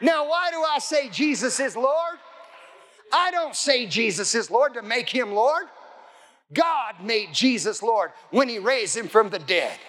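A middle-aged male pastor preaching a sermon, fervent and often shouting, calling out for amens from the congregation. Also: very high voice, lively intonation, measured pace.

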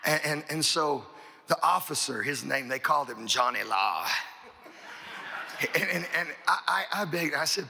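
Middle-aged male pastor, folksy storyteller, gravelly, husky edge. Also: fairly high pitch, lively intonation, unhurried, bright, forceful tone. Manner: folksy, rambling, repeats words and says "you know". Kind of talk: storytelling sermon.

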